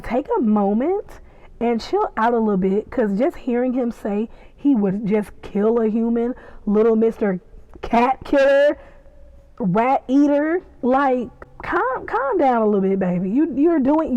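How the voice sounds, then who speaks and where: Woman, casual reaction recap, excitable, chatty, higher voice, mellow, dry dull audio. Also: unhurried, no room sound. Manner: excitable, chatty, acts out the scenes. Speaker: podcast reviewer.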